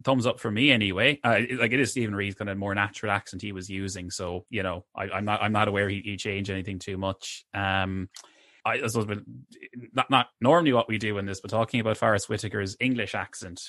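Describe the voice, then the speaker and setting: A man's voice: on the low side, fairly even intonation, quick pace, bright, forceful tone, no room sound, studio quality. A man co-hosting a film review podcast, talking casually with many hesitant restarts. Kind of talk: casual chat.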